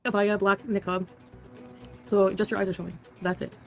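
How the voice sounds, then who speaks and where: Her voice is medium in pitch and level in tone, with some vocal fry, delivered at normal speed over faint background music. She's a woman on an archived live stream, featured in a reaction, who giggles at her chat and evades anything too personal.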